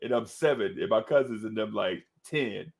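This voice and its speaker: Here a podcast co-host with a fairly low voice and vocal fry narrates a childhood tale at a moderate pace. The chat is casual, and he keeps laughing while bringing the story's people to life with animated impressions.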